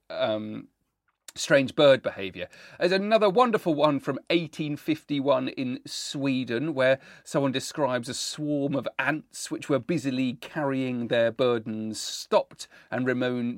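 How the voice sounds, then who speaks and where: A man's voice: medium pitch, no echo. Enthusiastic man musing on history, dry sound. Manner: enthusiastic, musing, with frequent ums. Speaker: podcast co-host. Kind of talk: storytelling, reading out historical accounts.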